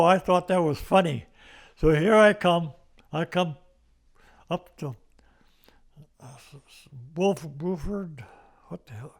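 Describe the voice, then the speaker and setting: A man's voice: a little high, a little slow, long pauses. An older American man telling war stories in an oral history interview, rambling with restarts and little chuckles. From United States. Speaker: veteran interviewee.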